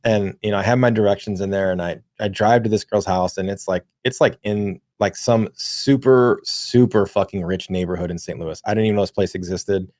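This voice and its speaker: A man's voice: fairly low pitch, steady tone, brisk, hardly any pauses, a little mellow, dry recording, studio quality. A man in his thirties co-hosting a podcast, telling a long story casually with lots of swearing and filler words. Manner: rambling, profane, many fillers. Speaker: podcast co-host.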